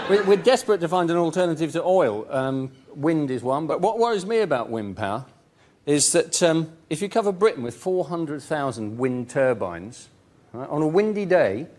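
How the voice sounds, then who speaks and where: A man's voice: on the high side, expressive, normal speed, a little mellow. A man comedian delivering dry stand-up style jokes on a panel, with ums.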